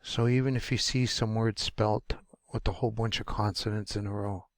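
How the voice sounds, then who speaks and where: Guy with a gravelly voice, slow careful syllable drills, dry sound. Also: on the low side, steady tone, dry recording. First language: English. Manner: slow, repeating words syllable by syllable. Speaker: language teacher. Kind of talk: pronunciation lesson.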